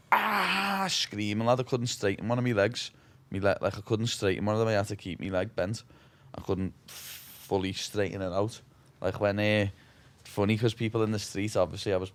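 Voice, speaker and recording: A man's voice: on the low side, level tone, a little fast. A man in his twenties from Liverpool with a Scouse accent, telling stories in a casual interview, swearing freely and saying "lad" constantly. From Liverpool, England. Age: 20s. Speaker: guest, fighter.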